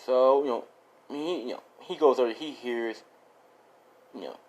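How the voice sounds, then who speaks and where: A man casually improvising a fan story out loud, rambling with many fillers and restarts. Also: medium pitch, a little slow, poor audio.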